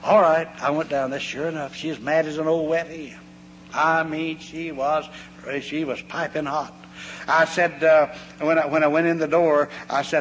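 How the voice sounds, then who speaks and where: This preacher's voice sits on the high side and moves at normal speed. His sermon is folksy and homespun, full of anecdotes whose voices he animatedly performs, all heard through long hall reverb and a faint hum.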